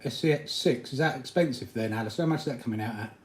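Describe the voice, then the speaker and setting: A man's voice: mid-range voice, fast talker. A man hosting a casual livestream, rambling and chatting to viewers while he eats and works on his RC cars. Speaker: RC hobby livestream host. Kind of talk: casual livestream chat reading comments. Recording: echoey room with faint noise.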